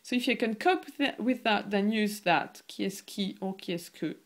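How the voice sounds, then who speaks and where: A woman with a mother tongue gives a language lesson in English at a middle pitch. She explains at an easy pace and often pauses on "um" or starts a phrase over. Her tone stays conversational and instructive. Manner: relaxed, explanatory, with frequent ums and restarts. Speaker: French teacher.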